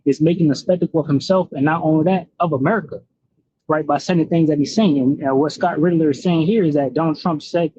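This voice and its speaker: A man's voice: on the high side, fairly even intonation, fast, warm tone, slightly rough, no room sound, highs cut off. A man reading scripture aloud and commenting on it, using many fillers and asking "right?" again and again. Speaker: bible teacher.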